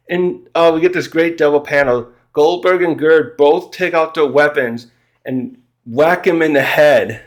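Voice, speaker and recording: A man recapping a manga chapter in casual chat, rambling and halting, often laughing and acting out the characters' lines. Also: a little high. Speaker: manga reviewer.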